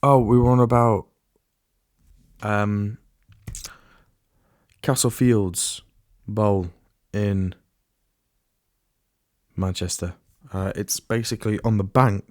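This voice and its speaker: Rambling low-voiced man, dry sound. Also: fairly even intonation, slow, long pauses, a little mellow, no echo. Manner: rambling, with frequent restarts and asides. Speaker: podcast host. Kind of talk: casual solo podcast chat.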